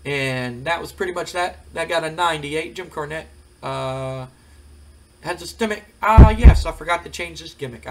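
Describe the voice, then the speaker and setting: A man giving casual let's-play commentary on a wrestling game, reading out results in a relaxed, chatty way. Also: a little high.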